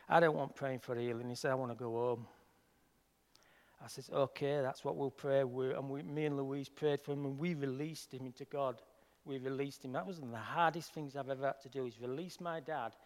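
Earnest Yorkshire man in a reverberant hall. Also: mid-range voice. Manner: earnest, heartfelt, swings between soft and emphatic. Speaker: healing minister. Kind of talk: personal testimony talk.

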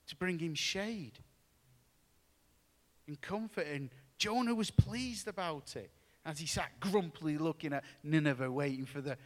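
A man preaching a sermon, earnest and deliberate, mixing Bible reading with storytelling. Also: fairly high pitch, big-room sound. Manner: earnest, slow and pausing, with storytelling asides.

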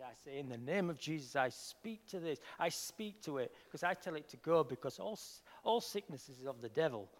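A healing minister with a Yorkshire accent gives an earnest personal testimony, moving between soft and emphatic delivery. His voice is fairly high-pitched, and the sound carries the feel of a big room.

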